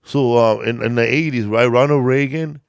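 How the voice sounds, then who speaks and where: A man's voice: medium pitch, normal speed, creaky, clean tone, no echo, studio quality. A man hosting a casual chat, rambling, joking and swearing freely. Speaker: podcast host.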